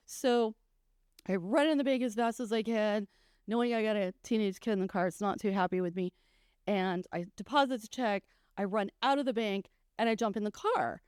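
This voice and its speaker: A woman's voice: mid-range voice, normal speed, a little mellow, no echo, studio quality. A middle-aged woman co-hosting a show, telling funny stories in a casual chat, laughing often and acting out voices. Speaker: co-host, biblical coach.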